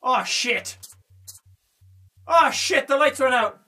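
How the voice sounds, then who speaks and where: Male gaming host, horror playthrough: high, bright voice, jumpy and profane, slightly distant mic. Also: animated, slow. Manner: jumpy, swearing, shouting when scared. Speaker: gamer playing a horror game. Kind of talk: let's play commentary.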